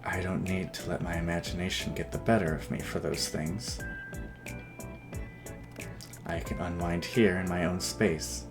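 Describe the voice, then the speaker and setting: A man voicing a brooding, flirtatious male grim reaper in a dating game, with a low, teasing delivery. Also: fairly even intonation, a little slow, pauses often, music in the background. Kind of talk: voiced dating-game dialogue.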